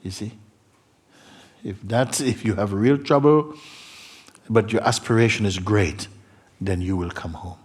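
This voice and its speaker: A man, a spiritual teacher, speaking earnestly to a seeker, moving between soft murmurs and emphatic, laughing passages. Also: fairly low pitch, a little slow, pauses often, husky. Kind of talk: satsang talk to a seeker. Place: meeting hall.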